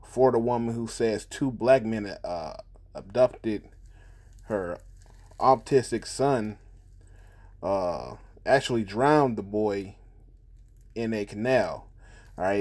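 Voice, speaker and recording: Brief: man, lowish voice, profane and indignant commentator, repeats himself for emphasis. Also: darkish tone. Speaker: commentator on news videos. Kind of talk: casual heated commentary.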